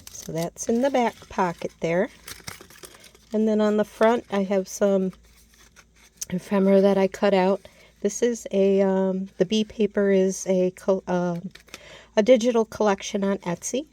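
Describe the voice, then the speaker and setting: A woman's voice: mid-range voice, steady tone, a little slow, warm tone, no echo. A woman casually narrating a show-and-tell of her handmade craft project, often losing a word and correcting herself. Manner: chatty, loses words and corrects herself. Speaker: crafter showing a handmade mini album.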